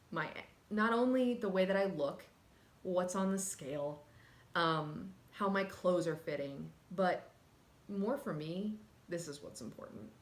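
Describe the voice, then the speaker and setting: A woman talking candidly and earnestly in a personal vlog, emotional at times and casual with fillers. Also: on the low side. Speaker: vlogger. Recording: echoey room.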